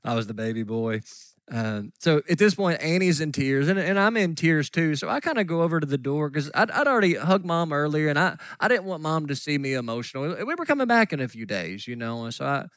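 A middle-aged man preaching a sermon, telling a story earnestly and dropping at times to soft near-whispers. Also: a little high, big pitch swings, brisk, dry recording. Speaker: pastor.

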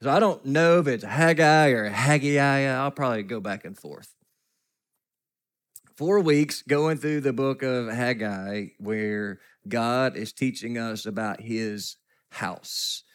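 A man's voice: mid-range voice, slow pace. Man preaching a folksy sermon. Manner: storytelling with self-deprecating humor and laughs. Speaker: pastor.

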